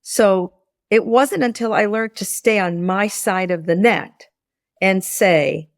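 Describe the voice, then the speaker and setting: A woman's voice: medium pitch, slow, no echo, clean studio sound. A woman in her sixties, a former business school lecturer, explaining ideas in a podcast interview and telling anecdotes in which she acts out the dialogue. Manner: animated storyteller who acts out dialogue with repeated restarts.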